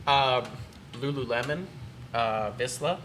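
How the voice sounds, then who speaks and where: A man's voice: medium pitch, takes it slowly, a bit bright, slight background noise. A man guest on a casual podcast, a muralist who talks in a laid-back, rambling way full of fillers. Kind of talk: casual chat.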